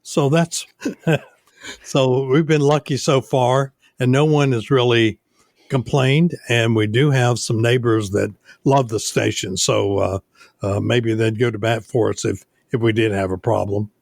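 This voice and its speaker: An older man, a radio station owner, telling stories unhurriedly in a casual interview, with many pauses. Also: medium pitch, fairly even intonation, vocal fry, a little mellow, dry recording, clean studio sound. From United States.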